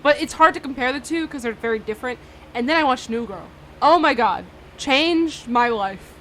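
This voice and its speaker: Bright and forceful, her high-sitting voice is expressive and moves at a moderate pace over faint background noise. She's a twenty-something radio host who chats casually between tracks, rambling and laughing often, with plenty of fillers and restarts.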